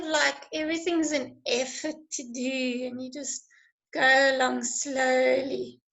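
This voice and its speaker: High voiced lady teacher going slow, lots of praise, bit hoarse. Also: a bit bright, poor audio. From South Africa. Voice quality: voice goes hoarse when talking a lot. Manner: encouraging, praises students often. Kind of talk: online lesson with live chat.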